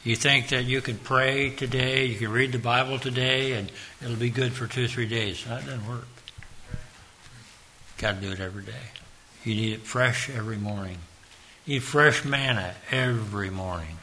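A man preaching a sermon, slow and earnest, repeating his point and rising to sudden loud emphasis. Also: medium pitch.

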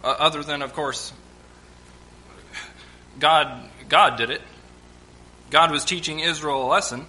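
A man's voice: on the high side, unhurried, pauses often, sharp tone, slight background noise, rough recording. A man teaching from the Bible, reading scripture aloud and stopping to comment in plain, conversational asides. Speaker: preacher.

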